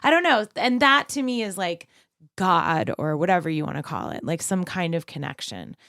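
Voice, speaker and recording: Chatty woman podcast co-host, smooth clear voice, dry close mic. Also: lowish voice, moderate pace, dry recording. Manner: chatty, animated, laughs often. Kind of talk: casual podcast conversation.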